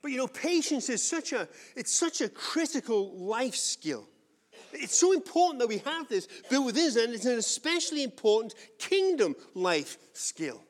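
An English pastor with an English accent preaches a sermon in a very high-pitched, very animated voice at normal speed. He opens with a conversational, self-mocking personal story before turning to scripture, and a long hall reverb trails his words.

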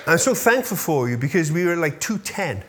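A man's voice: fairly high pitch, sing-song, normal speed, fairly bright tone. A man in his fifties, a pastor giving a casual update to his congregation, chatty and often checking in with his listeners, easily moved when he thanks them. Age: 50s.

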